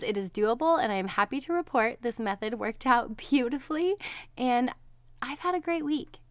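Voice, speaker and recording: A woman's voice: mid-range voice, no echo. A woman in her thirties hosting a podcast, talking candidly to her listeners in a chatty way and often laughing as she speaks. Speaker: podcast host. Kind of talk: personal chat to listeners.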